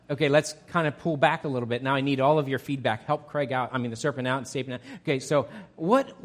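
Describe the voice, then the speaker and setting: An energetic male pastor leading an interactive sermon. His voice sits slightly high. He talks in a chatty way and often restarts his sentences.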